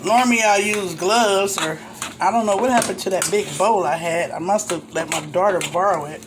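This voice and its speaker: A woman's voice: medium pitch, normal speed, noisy background. Older lady walking thru her recipe step by step, homey and chatty, pots and dishes clanking around her. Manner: homey, chatty, narrates each step as she cooks. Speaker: home cooking show host. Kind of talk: casual step-by-step cooking demo. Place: home kitchen. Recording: kitchen clatter of pots and dishes. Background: cutlery and pots clanking.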